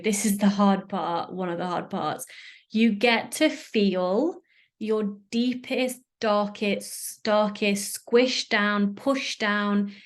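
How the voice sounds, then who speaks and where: Earnest British woman podcasting solo. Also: mid-range voice. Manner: earnest and emotional, searching for words, occasional swearing. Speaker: podcast host. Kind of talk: candid solo podcast talk.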